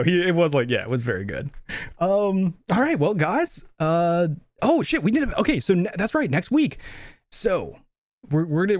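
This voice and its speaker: Chatty young man with a higher voice. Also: a little mellow, no room sound, clean studio sound. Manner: rambling, laughs often, swears casually. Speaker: podcast co-host. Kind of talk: casual movie review chat.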